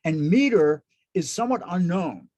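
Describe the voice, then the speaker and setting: Enthusiastic cantor lecturing, fairly high. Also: male voice, expressive, moderate pace, a little mellow. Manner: restarts and corrects himself often, enthusiastic. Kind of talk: informal lecture. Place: synagogue hall.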